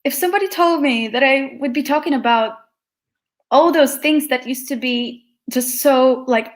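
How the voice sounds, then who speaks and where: A woman's voice: high voice, unhurried. A young woman guest on a video-call podcast interview, talking in a heartfelt, reflective way. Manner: heartfelt, reflective, with laughs and sighs. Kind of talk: emotional conversational interview.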